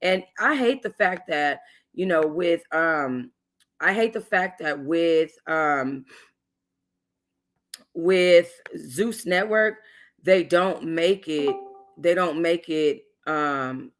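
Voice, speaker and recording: A woman's voice: on the low side, animated, takes it slowly. A woman hosting a casual livestream, giving chatty, sassy commentary with emphatic slangy asides. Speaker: YouTube host reviewing a reality show.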